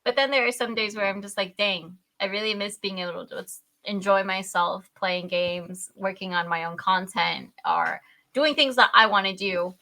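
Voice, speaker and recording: A young woman, a podcast guest, telling a story in animated casual chat, laughing often and acting out her own reactions with loud squeals. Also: mid-range voice, moderate pace, vocal fry.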